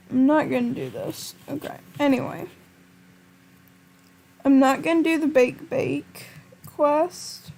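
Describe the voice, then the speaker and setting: A woman's voice: sits high, steady tone, slow pace, vocal fry, pauses often, a little mellow. A woman giving frantic gameplay commentary, pleading and talking to her viewers. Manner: panicky, pleading, talks to viewers. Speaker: gamer.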